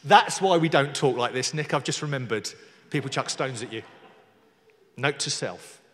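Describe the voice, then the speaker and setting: A man with a medium-pitched, fairly bright voice preaches a sermon in a church hall at a moderate pace. He keeps it conversational, with jokey asides, and reads scripture aloud with emphasis. Long hall reverb surrounds the recording.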